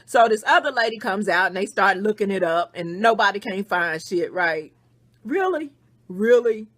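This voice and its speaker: Venting on a phone call, a woman who hosts a podcast rants through a story with plenty of swearing, voicing the other people involved. She has a mid-range, animated, fairly bright voice at a moderate pace, with clean studio sound and no room sound.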